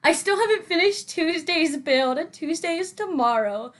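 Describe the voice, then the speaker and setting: With a very high-pitched voice, lively intonation and normal speed, a young woman hosts a game-building video for her Sims building channel. Her casual voice-over chat is rambling and giggly, full of fillers and restarts.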